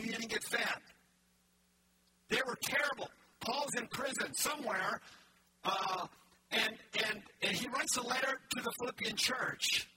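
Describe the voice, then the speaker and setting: A man's voice: extremely high pitch, brisk. A man preaching a sermon as pastor, telling stories with frequent restarts and asides in a large church. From Canada. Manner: storytelling with many restarts and asides. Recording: distant mic with background noise.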